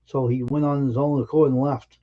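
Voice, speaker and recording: A man telling personal anecdotes on a live stream in an earnest, emphatic way, with halting restarts. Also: mid-range voice, level tone, highs cut off. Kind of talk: casual storytelling on a live stream.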